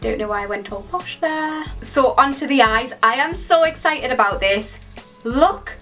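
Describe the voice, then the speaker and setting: A young British woman chatting excitedly through a makeup tutorial in a gushing, chatty way. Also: a little high, moderate pace, faint music behind. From United Kingdom. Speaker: beauty vlogger.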